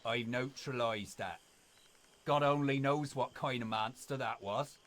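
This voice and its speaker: A man's voice: mid-range voice, measured pace, a bit bright, pitched above the performer's own voice, close to an everyday voice. A man voicing a blunt old male butler with a West Country accent. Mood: gruff relief. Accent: West Country English.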